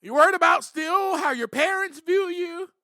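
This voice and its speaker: A man's voice: very high voice, normal speed, sharp tone, no room sound, clean studio sound. A man hosting a podcast, giving earnest, reflective spiritual recovery talk, with frequent "you know" and bursts of emphasis. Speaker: podcast host.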